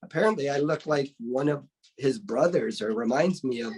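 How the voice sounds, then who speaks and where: A man, a martial arts instructor, talks through his memories in a relaxed interview. His pitch sits in the middle, and he tells stories with lively energy, acting out the back-and-forth of past conversations. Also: moderate pace, breathy edge. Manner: lively storyteller who acts out remembered dialogue. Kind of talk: casual storytelling in an interview.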